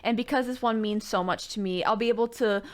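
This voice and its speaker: A young woman who runs a gaming YouTube channel unboxes birthday presents in a casual vlog, gushing her thanks and slipping in jokey asides. Her voice is medium-pitched, quick, clear and resonant.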